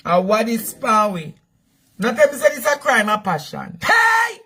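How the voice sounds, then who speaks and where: Jamaican guy yelling about the news, real high bright voice, keeps repeating himself. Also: animated, normal speed, slightly rough. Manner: shouting, repeating phrases for emphasis. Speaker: news commentary host. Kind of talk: fiery ranting news commentary.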